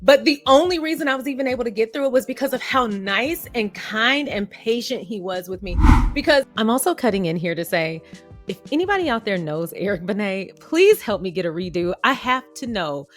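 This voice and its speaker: A woman's voice: on the high side, animated, a little fast, soft background music. A woman vlogger giving casual commentary to her viewers, chatty and candid, poking fun at herself. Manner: chatty, candid, self-deprecating storyteller.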